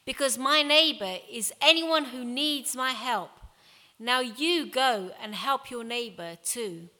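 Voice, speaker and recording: A woman voicing a kindly male teacher telling a parable, gentle and expressive, with long hall reverb. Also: fairly high pitch, slow. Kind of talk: reading a Bible story aloud.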